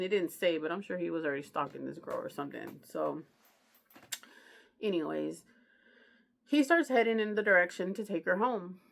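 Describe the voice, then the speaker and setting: Low gravelly woman telling a story casually. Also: a bit bright. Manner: slangy, chatty, keeps asking "you know what I mean". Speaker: book reviewer. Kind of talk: casual true crime storytelling.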